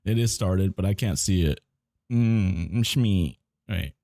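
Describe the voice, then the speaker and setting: Male streamer, low and mellow, loose profane storytelling, dry close mic. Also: slow, no room sound. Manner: rambling, profane storytelling with restarts. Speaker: gamer chatting on stream. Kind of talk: casual chat while gaming.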